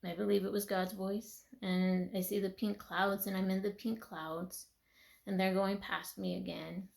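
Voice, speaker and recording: Gravelly-voiced woman giving an earnest testimony. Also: medium pitch, little pitch movement, a little slow. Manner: earnest, conversational, with soft laughs and trailing whispers. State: tired, teary. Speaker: speaker sharing a faith testimony. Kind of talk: emotional personal testimony.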